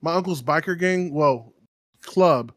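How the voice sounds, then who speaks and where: A man's voice: fairly high pitch, unhurried, dry recording, studio quality. A man in his thirties co-hosting a podcast, telling a story casually, laughing often and acting out other people's lines. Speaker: podcast co-host.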